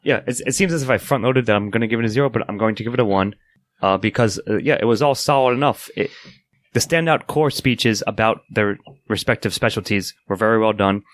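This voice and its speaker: A man co-hosting a podcast, chatting casually about a movie, quick to laugh and chime in. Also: fairly low pitch. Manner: fast, laughing, chiming in often. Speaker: podcast co-host. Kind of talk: casual movie review chat.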